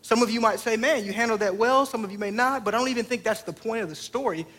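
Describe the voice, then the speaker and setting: A man's voice: high-pitched, quick pace, a bit bright. A man in his thirties, a pastor preaching a sermon through a family story, talking conversationally and putting direct questions to the congregation.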